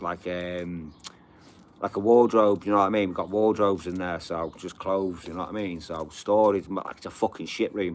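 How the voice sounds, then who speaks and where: A man's voice: sits low, a bit bright, a little hiss or hum. A middle-aged man, chatting casually on a live stream, rambling and swearing freely. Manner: rambling, sweary, full of "you know what I mean".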